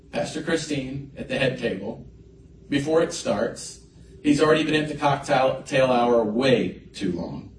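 A man preaching a sermon as a pastor, telling a personal story in an animated way with swings in loudness. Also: mid-range voice, slight background noise. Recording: echoey hall mic from a distance.

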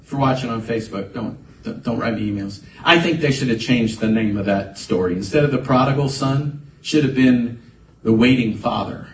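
A man's voice: medium pitch, moderate pace, slight background noise. Echoey pastor preaching, man. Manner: conversational preaching with rising emphatic bursts. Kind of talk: sermon. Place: church sanctuary. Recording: echoey room, voice from a distance, faint ambience.

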